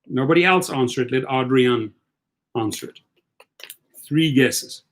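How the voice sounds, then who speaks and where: A middle-aged man with a South African accent hosts a livestream chat, coaching his listeners in an energetic way and often repeating himself. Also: mid-range voice, a little slow. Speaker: host. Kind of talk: livestream chat giving advice.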